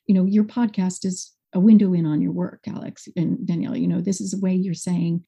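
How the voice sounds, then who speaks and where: A woman's voice: on the low side, a little fast, gravelly, hardly any pauses, husky. A woman school director as a podcast guest, talking expressively and acting out quotes in a conversational interview. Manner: expressive, animated, acts out quotes.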